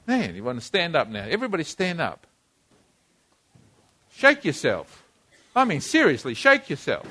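A man's voice: a little high, very animated, moderate pace, fairly bright tone. A male pastor preaching a sermon in a church, emphatic, repeating key phrases and leading the congregation in responses.

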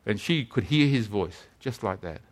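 A man's voice: fairly low pitch, animated, moderate pace. A man preaching a sermon as a pastor, telling stories earnestly and often repeating his words.

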